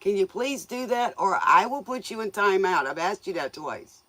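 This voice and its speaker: Woman host for a casual livestream: folksy, teasing, quick to laugh, medium pitch, dry recording. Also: expressive, fairly bright tone, dry recording. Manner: folksy, joking, laughs often; scolds viewers playfully. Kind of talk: casual livestream chat with viewers.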